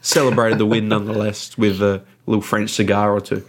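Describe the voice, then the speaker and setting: Male co-host, lowish voice, casual and meandering, many fillers. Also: level tone, a little fast. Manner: rambling, frequent ums and restarts. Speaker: podcast co-host. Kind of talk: casual football chat. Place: lives in Adelaide.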